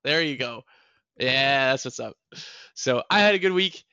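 A young man in his early twenties chats on a podcast in an easygoing, self-mocking way. His voice has a gravelly edge and a bright, forward tone. The sound is dry and close, with no room around it. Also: mid-range voice, unhurried, no echo, dull audio. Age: young adult. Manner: joking, self-mocking, animated storytelling. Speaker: podcast co-host. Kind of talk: casual chat.

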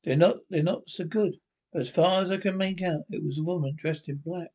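A man's voice: high-pitched, steady tone, fairly quick, darkish tone. A man reading the part of an elderly, hesitant small-town judge in an old radio play, with a rambling, apologetic manner.

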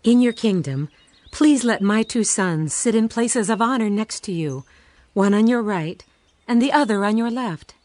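A devoted mother makes a humble, earnest request on behalf of her two sons, as a woman voices her. Her voice sits a little high, and she speaks with respect and hope in a dramatized scripture reading. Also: animated, normal speed, a little mellow, lightly acted. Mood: earnest pleading.

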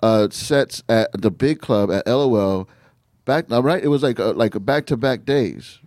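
A man's voice: mid-range voice, unhurried, a little mellow, no echo. Chill guy hosting a podcast, medium voice, hypes up the guest, dry mic. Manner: encouraging, laid-back questioning. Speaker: podcast host. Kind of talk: casual podcast chat.

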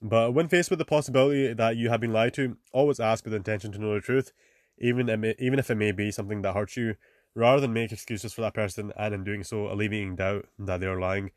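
A man's voice: lowish voice, fairly even intonation, fast talker, no room sound, clean studio sound. A young man hosting a casual advice monologue, talking loosely with lots of fillers, the odd swear and "man" tacked onto his sentences. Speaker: podcast host.

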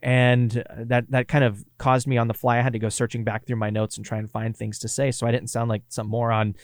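A Kansas-accented man chatting loosely about a broadcast, trailing into restarts and quick laughs. His voice sits mid-range and close to the mic in a dry, dead-sounding room. Easygoing radio co-host talk. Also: medium pitch, flat delivery, dry recording. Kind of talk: casual chat.

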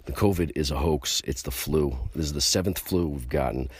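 A man's voice: extremely low pitch, a little fast, husky. A man ranting casually to the camera in a rambling, profane, emphatic way.

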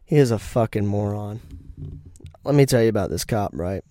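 A man's voice: lowish voice, animated, moderate pace, warm tone, no echo, clean studio sound. A young man telling blunt, profane stories in casual chat and laughing at his own jokes. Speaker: podcast host.

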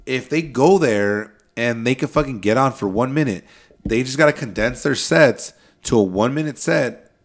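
A man co-hosting a casual podcast, blunt and profane, cutting in with quick wisecracks. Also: mid-range voice, lively intonation. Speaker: podcast co-host. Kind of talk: casual chat.

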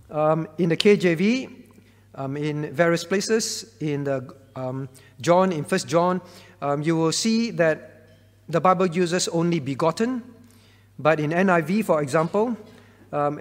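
A male pastor teaching through Bible questions, repeating key phrases and checking in with listeners. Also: a little high. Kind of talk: teaching Q&A talk. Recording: long reverb hall.

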